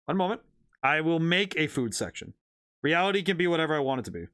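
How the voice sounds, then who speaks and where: A man's voice: on the high side, sing-song, fast talker, a bit bright, clean tone. A man streaming a video game, chatting casually and playfully as he plays, thinking aloud and rambling from one thought to the next. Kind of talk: casual live-stream commentary while playing.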